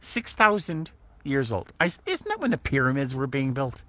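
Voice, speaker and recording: A man's voice: medium pitch, huge pitch swings, normal speed, fairly bright tone, no echo. A man chatting casually as he walks and films outdoors on a desert boardwalk, easily delighted and exclaiming often. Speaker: vlogger. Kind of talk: casual walking vlog.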